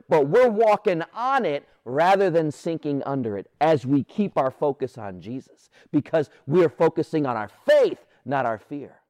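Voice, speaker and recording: A man preaching a sermon with a lively, swooping delivery and a slightly high voice. He switches between playful bursts and hushed, low passages. The sound is close and dry, with no room echo. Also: normal speed, few pauses. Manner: animated, playful voices for quoted characters; drops to a soft, low voice on key points. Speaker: pastor.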